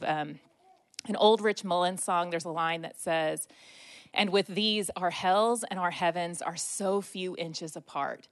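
A woman in her thirties telling funny, self-mocking stories about being a mother, talking to a group. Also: fairly low pitch. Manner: self-mocking, animated storytelling. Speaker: speaker sharing a personal story. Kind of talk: storytelling talk.

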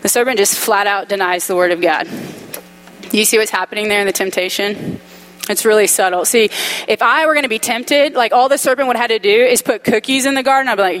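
Animated woman preaching, fairly high voice. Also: fairly quick, poor audio. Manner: animated, acts out quoted voices; conversational, humorous asides. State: dry mouth. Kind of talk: sermon.

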